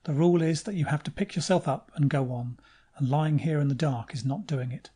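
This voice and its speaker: Husky dark-voiced male audiobook narrator. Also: on the high side, a little fast. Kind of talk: first-person audiobook narration.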